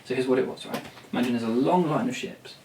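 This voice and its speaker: A man's voice: medium pitch, quick pace, a little mellow, slight background noise. Blunt, rambling man, roomy and distant. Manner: rambling, blunt, swears freely, many restarts. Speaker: songwriter and vlogger. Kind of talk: rambling talk to camera. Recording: roomy, distant from the mic, faint ambience.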